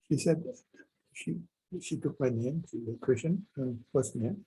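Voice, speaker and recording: Man, university professor, very husky and dark-toned, lively up-and-down delivery, emphatic storyteller. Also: mid-range voice, normal speed, rough recording. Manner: animated, emphatic storytelling with repetitions. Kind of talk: university lecture with personal anecdote.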